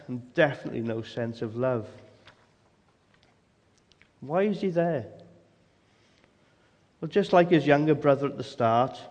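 A man's voice: mid-range voice, a little mellow. Man preaching in a reverberant hall. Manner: emphatic, rhetorical questions, acts out quotes. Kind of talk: sermon.

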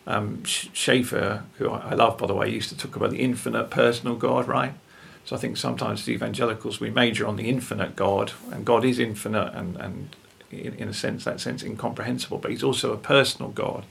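An older man, talking earnestly about faith as a guest, with a gravelly, husky voice and tag questions. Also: lowish voice, steady tone, a little fast, hardly any pauses, a bit bright. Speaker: guest speaker.

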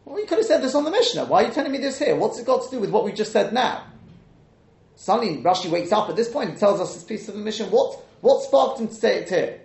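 A man teaching a Talmud class, questioning the texts out loud and mixing in Hebrew and Aramaic terms. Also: high-pitched, very animated, quick pace, gravelly, roomy sound.

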